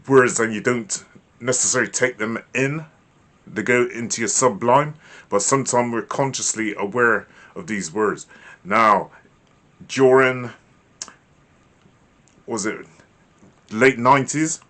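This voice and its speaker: A man's voice: lowish voice, bright, forceful tone. A man hosting his own channel, giving a lecture-style monologue in an emphatic, repetitive way and often checking in with the listener. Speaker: channel host.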